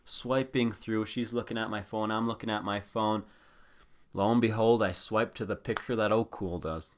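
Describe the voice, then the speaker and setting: A man's voice: fairly low pitch, steady tone, moderate pace, a little hiss or hum. A young man hosting a podcast, telling a rambling, profane story in a casual chat style. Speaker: podcast host.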